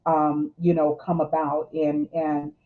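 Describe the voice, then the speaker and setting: Woman coach on a call, halting and thoughtful, sound's all thin like a phone. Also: low voice, monotone. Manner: thoughtful, halting, many restarts. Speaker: life coach, guest. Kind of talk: live chat interview. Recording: tinny phone-like line.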